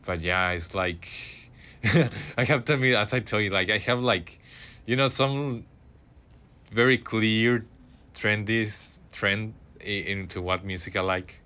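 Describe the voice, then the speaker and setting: Rambling low-voiced male radio host. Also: bright, forceful tone. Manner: rambling, halting, many fillers and restarts. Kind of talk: casual solo radio talk. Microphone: studio microphone.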